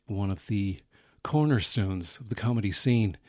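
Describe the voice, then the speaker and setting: A man hosting his own podcast, rambling through a deadpan comic monologue full of mock bragging and fillers. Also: lowish voice, normal speed, no room sound, clean studio sound. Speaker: podcast host, comedian.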